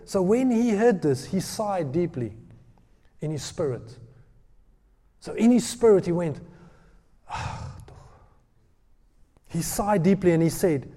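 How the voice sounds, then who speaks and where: A man preaching a sermon, retelling a scripture story with lively, acted-out voices. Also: sits high, slow, pauses often, breathy edge. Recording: long hall reverb.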